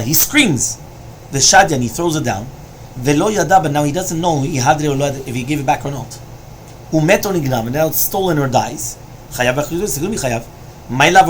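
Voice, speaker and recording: A man leads a Talmud study lesson, chanting each Aramaic passage with rising emphasis and then explaining it in plain English. His voice sits a bit high for a man, and he keeps checking in with his listeners. A faint noise runs under the recording. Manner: explains each line, repeats with "right?" and "you understand?". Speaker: Talmud teacher.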